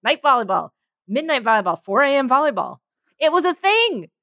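Woman, podcast co-host, animated and incredulous, dry close sound. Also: sits high, brisk, no echo. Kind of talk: casual podcast chat.

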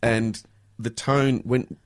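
An Australian man co-hosting a casual radio chat, telling animated stories with lots of laughter. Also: medium pitch, slow pace, no echo, clean studio sound. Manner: acts out voices and shouts inside anecdotes. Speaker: radio co-host.

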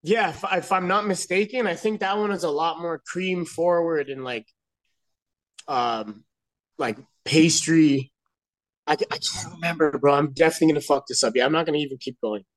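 A man's voice: on the high side, moderate pace, poor audio. A man guest on a podcast, chatting casually in a hesitant, slangy way. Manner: hesitant, slangy, says bro. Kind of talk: casual chat.

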